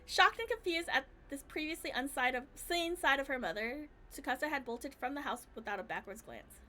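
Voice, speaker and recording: High bright-voiced woman reading game narration. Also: lively intonation, a little fast. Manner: reads with small slips and restarts. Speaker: streamer reading a game aloud.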